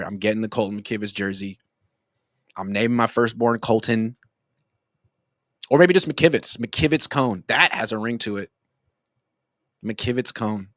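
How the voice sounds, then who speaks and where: A man in his late thirties chatting through sports commentary in a loose, rambling way, full of jokes and asides. His voice sits at an ordinary middle pitch. The sound is close and dry, with no room echo. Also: a bit bright. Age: 30s. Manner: rambling, joking storyteller.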